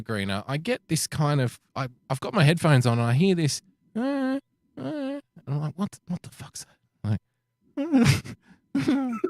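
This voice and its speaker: Australian male podcast co-host, lively pitch, dry close sound, crude anecdotes. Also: no room sound. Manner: profane, animated anecdote-telling with acted quotes. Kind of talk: casual storytelling chat. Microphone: podcast microphone.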